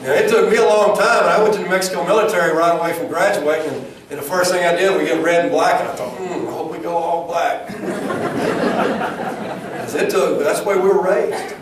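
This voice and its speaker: A middle-aged man speaks at a chamber event in a plainspoken, storytelling way. His voice sits in an average pitch and carries a long echo from a big hall, picked up from well back of the mic. A faint room noise runs underneath. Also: quick pace, hardly any pauses, recorded from a distance. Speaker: speaker at a chamber event, former football coach. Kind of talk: folksy motivational speech with jokes.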